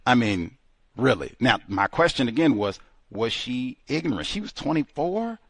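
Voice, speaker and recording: A man hosting a talk show, interrupting his guest and pressing his questions with slow, emphatic delivery. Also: mid-range voice, very animated, creaky, breathy edge, dry recording. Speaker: radio show host.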